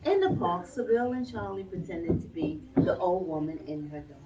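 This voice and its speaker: A woman librarian reading a picture book aloud to small children in an animated, sing-song way, recorded in a library. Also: fairly low pitch, moderate pace. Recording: distant, dull lo-fi sound.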